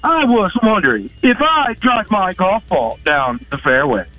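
A man's voice: sits high, very animated, unhurried, no room sound, phone-quality sound, soft background music. A man voicing an earnest, hesitant golfer calling in with a question.

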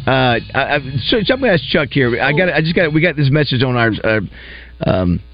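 A man's voice: medium pitch, big pitch swings, a little fast. A man co-hosting morning radio, giggly and jokey, often talking over the others. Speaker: radio co-host. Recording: dull radio broadcast sound with music bed.

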